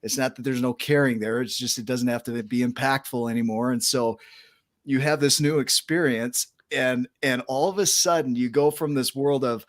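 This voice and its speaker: A man's voice: medium pitch, steady tone, moderate pace, no echo, clean studio sound. A man hosting a podcast interview, talking emphatically and enthusiastically, often checking in with "right?". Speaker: podcast host.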